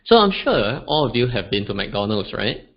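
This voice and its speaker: A man's voice: on the low side, big pitch swings, moderate pace. A man teaching an online beginners' language webinar, demonstrating tones aloud. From Singapore. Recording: dull lo-fi webinar audio.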